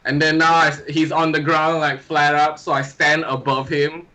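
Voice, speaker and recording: A man's voice: on the high side, level tone, moderate pace, bright, forceful tone. A man playing a tabletop wrestling game, eagerly describing his character's moves in first person. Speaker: player. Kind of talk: casual role-play chat.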